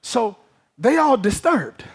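A man's voice: very high-pitched, very animated, takes it slowly, breathy edge. A man preaching a sermon, emphatic, often checking that the congregation is following him.

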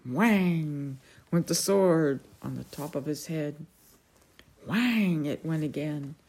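A woman reading a novel aloud as a storyteller, measured and unhurried. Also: sits low, darkish tone, slightly rough.

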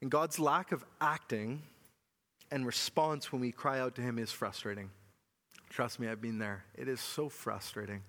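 A man preaching a sermon as pastor, earnest and often dropping to a soft, low voice. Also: fairly even intonation, normal speed. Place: church hall. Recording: long hall reverb.

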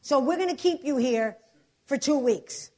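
A woman's voice: sits high, animated, measured pace, darkish tone. Woman doing a stern, patronizing surgeon. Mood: baffled. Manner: bossy, condescending.

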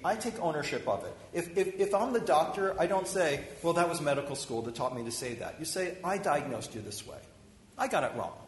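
A rabbi giving an informal, conversational sermon, talking with lively restarts and acted-out quotes. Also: male voice, a little high, slight background noise. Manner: conversational, animated, many restarts. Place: synagogue hall. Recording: roomy hall echo, faint ambience.

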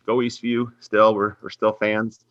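A middle-aged man tells a long personal story in an earnest, animated way. His voice sits fairly low but comes across bright and forceful. The recording is dry and a little muffled. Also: unhurried, no room sound. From Minnesota. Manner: earnest, faith-centered storytelling, animated when quoting others. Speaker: head women's basketball coach, guest. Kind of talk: storytelling in a podcast interview.

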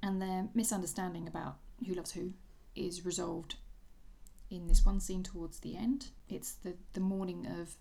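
A woman's voice: fairly low pitch, flat delivery, normal speed, creaky, mellow, faint music behind. A woman co-hosting a podcast, chatting wryly about a novel and reading passages aloud. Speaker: podcast co-host. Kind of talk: casual book discussion.

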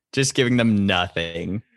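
Young guy, lowish voice, chill and chuckly, podcast cohost. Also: slow pace, no room sound. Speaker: podcast co-host. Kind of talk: casual chat.

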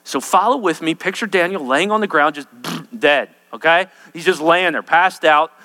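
Emphatic high-voiced male preacher. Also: moderate pace, sharp tone, in a large hall. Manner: emphatic, often checks in with listeners. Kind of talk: expository sermon.

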